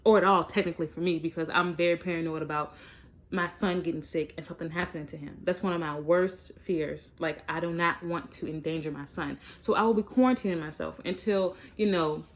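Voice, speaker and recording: A woman's voice: on the low side, steady tone, a little fast. A young woman talking frankly and chattily to her viewers in a casual vlog, with plenty of fillers. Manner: chatty and direct, many fillers. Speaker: vlogger. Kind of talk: frank casual chat to camera.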